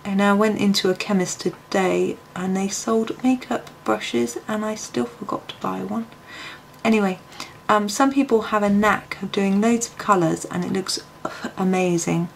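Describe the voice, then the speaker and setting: Woman chatting through a colouring tutorial, bit of gravel in her voice, faint hiss behind. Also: mid-range voice, fairly even intonation, moderate pace. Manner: chatty, musing to herself, frequent ums. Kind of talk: relaxed voice-over tutorial, thinking aloud.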